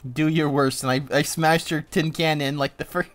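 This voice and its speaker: A young man streaming a game, giving casual, joking commentary with excitable outbursts. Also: fairly high pitch, normal speed.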